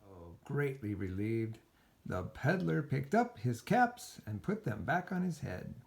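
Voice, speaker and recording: A man reading a children's picture book aloud as a storyteller, slow and expressive. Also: medium pitch, vocal fry.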